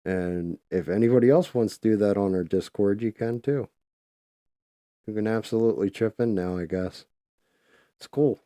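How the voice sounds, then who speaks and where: A man's voice: lowish voice, normal speed, long pauses, mellow, dry recording. A man hosting a live stream, chatting casually and swearing freely while he paints. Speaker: livestream host.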